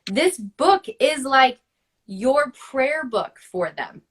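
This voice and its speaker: Casual: thirties woman, kinda high voice, super emphatic coachy vibe, lots of "like", video call. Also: expressive, drawn-out words, a bit bright, breathy edge. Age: 30s. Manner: passionate and emphatic, peppered with "like". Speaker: host, book-writing coach. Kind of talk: spiritual coaching conversation.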